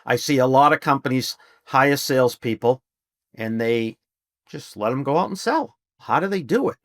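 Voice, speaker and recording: A man's voice: medium pitch, lively intonation, normal speed, no echo, studio quality. A middle-aged man, a business trainer, talking casually and emphatically as a podcast guest. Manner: emphatic, salesman-like storytelling. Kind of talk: casual interview talk.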